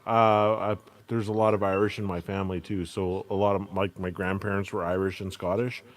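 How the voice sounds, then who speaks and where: A man's voice: low-pitched, flat delivery, a little fast. A middle-aged Canadian man with an East Coast Canadian accent, blunt and swearing in casual chat.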